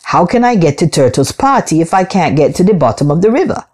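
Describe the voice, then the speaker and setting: A woman voicing a clever, excitable male spider in a storybook reading. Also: fast talker. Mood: eager. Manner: high and eager, exclaiming.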